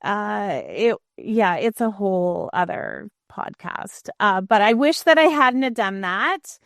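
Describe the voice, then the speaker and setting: A woman's voice: mid-range voice, animated, slow pace, vocal fry, no room sound, studio quality. A middle-aged woman, a former news anchor, talking frankly and reflectively as an interview guest, often restarting her sentences. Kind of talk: candid interview conversation.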